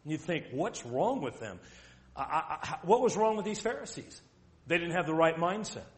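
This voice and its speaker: A man preaching a sermon, emphatic and direct, asking the listeners rhetorical questions and reading scripture aloud slowly. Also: on the high side, animated.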